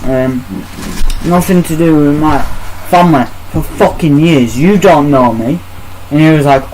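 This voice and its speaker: A man's voice: a little high, normal speed, darkish tone, a little hiss or hum, poor audio. A man on a podcast, telling a story in casual chat, bluntly and with heavy swearing while acting out the exchanges he quotes. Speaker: podcast host.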